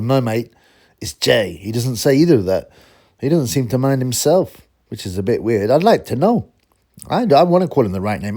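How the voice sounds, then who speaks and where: A man's voice: medium pitch, mellow. A man hosting a solo boxing channel, rambling casually and getting exasperated at his critics. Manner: rambling, exasperated, mocks critics in put-on voices.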